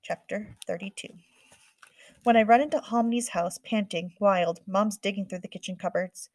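A woman narrating a first-person audiobook in a quick, earnest storytelling manner. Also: mid-range voice, a little mellow, dry recording.

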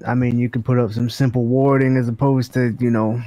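A man's voice: mid-range voice, little pitch movement, fairly quick, dark tone, faint music behind. Young man player, mildly complaining. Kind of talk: in-character table talk.

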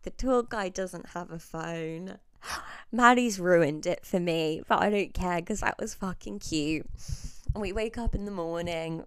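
A woman's voice: medium pitch, clear, resonant tone, no room sound. A young adult woman vlogger telling a holiday story in a casual, chatty way, swearing freely and laughing between sentences.

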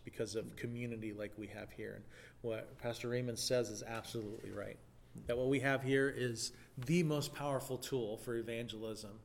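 A man's voice: mid-range voice, slight background noise. A man in a casual church talk, speaking earnestly and thinking aloud with many fillers. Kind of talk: casual chat.

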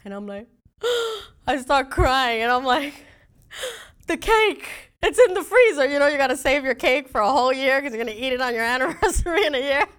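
A middle-aged woman pastor preaching a sermon, telling stories in a lively way and acting out dialogue. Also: sits high, fast, clear, resonant tone. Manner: animated storytelling with laughs and acted-out dialogue.

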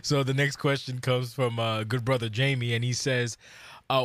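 A man in his late thirties from New York, co-hosting a podcast in casual chat with animated storytelling. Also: mid-range voice, moderate pace, no room sound. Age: late 30s. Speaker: podcast co-host.

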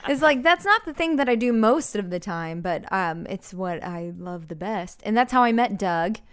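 A woman's voice: medium pitch, lively intonation, normal speed, fairly bright tone, clear, resonant tone. A woman in her late twenties, chatting casually as a podcast guest, laughing often and filling her talk with likes and ums. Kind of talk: casual chat.

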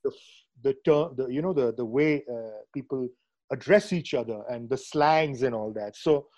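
A man's voice: mid-range voice, normal speed, a little mellow. A man hosting a conversational interview over a video call, thoughtful and hesitant, with many fillers and restarts. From India. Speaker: podcast host. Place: Srinagar.

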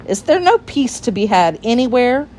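A woman voicing a fussy, genteel male frog gentleman who talks in a prim, cross manner. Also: mid-range voice, big pitch swings, measured pace, slight background noise.

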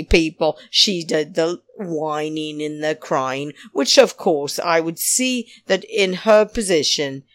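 Low-pitched woman, dry close recording, rambling opinionated recap with big pitch swings. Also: no echo. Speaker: reality TV commentator.

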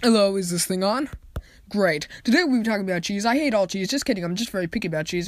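A woman's voice: mid-range voice, lively intonation, fast talker, no echo, studio quality. A woman giving a silly improvised ramble, goofy and trailing off into whispers.

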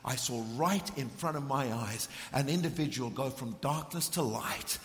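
A middle-aged man from Africa, preaching a passionate sermon that swings from ringing emphasis to hushed intensity. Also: mid-range voice, normal speed. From South Africa. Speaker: visiting preacher. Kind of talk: sermon with storytelling. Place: church hall. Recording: long reverb of a large hall.

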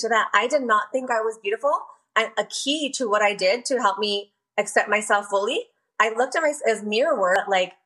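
A woman's voice: mid-range voice, fairly bright tone. A woman guest on a podcast, a self-expression coach who speaks candidly and bluntly with many fillers. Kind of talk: casual podcast interview.

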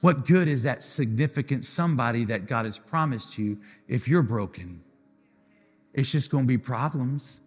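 A male pastor preaches with fervor in a church sanctuary, his voice ringing out with a long reverb tail. Soft music plays underneath. He shifts from emphatic, building repetitions to hushed, tender moments. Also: medium pitch, husky. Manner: impassioned, rising and falling between loud declarations and soft asides. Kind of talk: sermon. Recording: live church hall with music behind.

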